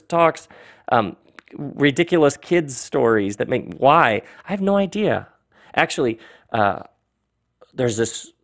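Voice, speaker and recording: Middle-aged male podcast host, low gravelly voice, chatty rambling monologue with frequent laughter. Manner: animated, laughing, rambling asides. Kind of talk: casual monologue.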